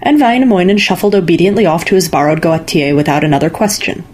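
A woman reading a fairy-tale story aloud in calm, measured narration. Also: on the low side. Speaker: story reader. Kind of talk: scripted narration.

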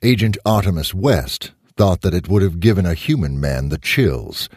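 A man narrating a short story in an expressive audiobook style. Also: sits low, moderate pace, husky, no echo, studio quality.

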